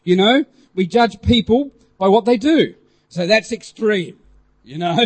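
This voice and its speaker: A man preacher telling a worship story as a testimony, animated, with many fillers and sudden loud exclamations. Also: high voice, a little slow, breathy edge.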